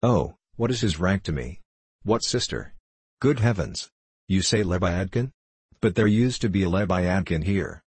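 Brief: man voicing an anxious, genteel old gentleman in an audiobook; low, husky tone. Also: expressive, a little slow, no echo, exaggerated voice. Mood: alarmed. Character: nervous, genteel older gentleman, easily alarmed.

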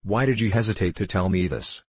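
A man voicing a calm, firm, devoted young wife, speaking slowly and steadily in an audiobook reading. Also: sits low, breathy edge, no room sound. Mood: resolute.

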